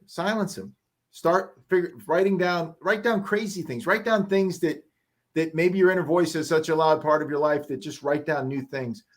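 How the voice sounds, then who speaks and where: High-voiced energetic motivational man. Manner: energetic, emphatic, acts out voices. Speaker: podcast guest. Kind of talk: motivational storytelling.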